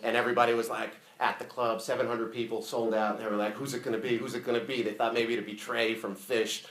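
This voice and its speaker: A man giving a casual, profane, animated eulogy full of stories at a memorial. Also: mid-range voice, fast. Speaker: eulogy speaker. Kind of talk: funeral eulogy storytelling. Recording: echoey room.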